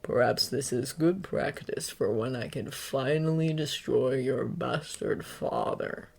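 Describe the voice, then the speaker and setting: A woman voicing a sinister adult male killer who speaks in a slow, oily drawl. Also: rumbling low, creaky, a little mellow, slightly rough, voice pushed down, heavily acted. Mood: menacing.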